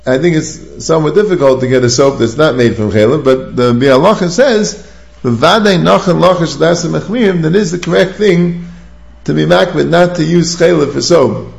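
A man's voice: a little high, normal speed, gravelly, echoey room. A man giving a Talmudic study lecture, reasoning aloud through sources and posing questions to himself as he goes. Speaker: rabbinic lecturer.

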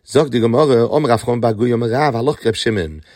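A man with a mid-range, slightly mellow voice talks at a quick pace in a dry, echo-free recording. He teaches a Talmud lesson, reading Aramaic phrases and explaining them in English, raising questions and answering them himself.

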